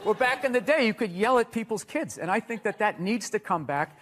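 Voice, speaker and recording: A man who is a comedian and talk show guest, telling profane stories in a blunt, animated way. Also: high-pitched, a little fast, background noise. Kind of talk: profane ranting comedy and chat.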